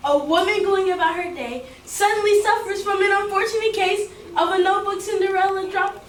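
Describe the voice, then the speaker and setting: Very high woman reading as extra, theatrical Bobby. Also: fairly quick. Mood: playful. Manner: reading lines with storytelling flourish. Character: Bobby, a theatrical over-the-top girl. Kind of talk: rehearsal line reading. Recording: roomy, distant mic, faint background noise.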